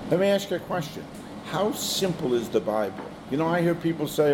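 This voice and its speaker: A man's voice: on the high side, big pitch swings, brisk, background noise. A man teaching a small Bible study group in a conversational way, often putting questions to the people in the room.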